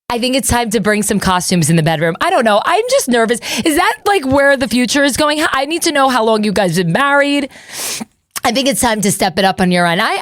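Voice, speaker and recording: A woman's voice: mid-range voice, a bit bright, no echo, clean studio sound. A woman in her thirties hosting a podcast, rambling and self-deprecating in casual chat. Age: 30s. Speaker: podcast host.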